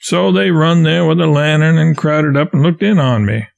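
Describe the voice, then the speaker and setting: Man, audiobook narrator, steady storytelling, a bit high-pitched. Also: moderate pace, creaky, highs cut off. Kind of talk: audiobook narration of a classic novel.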